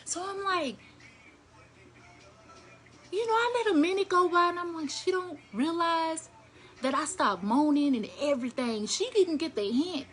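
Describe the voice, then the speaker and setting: High-voiced woman telling a crude story. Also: a little slow, long pauses, slight background noise. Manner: blunt, crude, animated storytelling addressing viewers. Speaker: storyteller vlogger. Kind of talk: casual storytime to camera.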